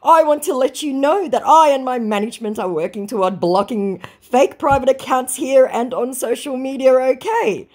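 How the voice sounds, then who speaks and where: A woman voicing a pleading young male online scammer, reading his messages in a mocking, drawn-out way. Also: sits high, lively intonation, a little mellow, voice pushed up. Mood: wheedling.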